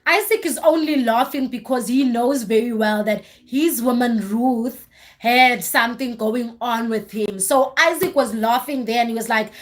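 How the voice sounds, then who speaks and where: Woman on a livestream, high voice, casual chatty gossip, gets all dramatic and fed up. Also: moderate pace. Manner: animated, dramatic storytelling with exasperated asides. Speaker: livestream host. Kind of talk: casual chat recapping a reality show.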